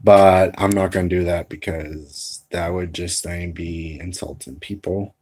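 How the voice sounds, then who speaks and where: A man's voice: deep voice, steady tone, a little slow, a little mellow, husky. A man talking casually in a vlog, rambling and hesitant with many fillers as he shows off voices and animal noises. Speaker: amateur voice impressionist.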